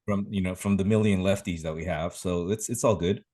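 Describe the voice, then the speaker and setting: Male podcast co-host, very deep voice, measured and agreeable, fills in the details. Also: steady tone, darkish tone. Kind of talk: casual podcast chat.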